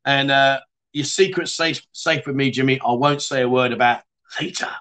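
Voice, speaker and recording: Bright-voiced British man chatting on a livestream. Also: medium pitch, fairly even intonation, normal speed. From United Kingdom. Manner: chatty, blunt, swears casually, calls viewers mate. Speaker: livestream host. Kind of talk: casual livestream chat reading viewer comments.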